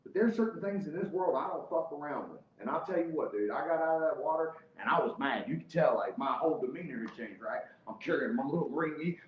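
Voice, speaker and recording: A man's voice: on the high side, expressive, fast, hardly any pauses. A man telling a heated, profane story as a guest in casual podcast chat. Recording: roomy, slightly dull podcast audio.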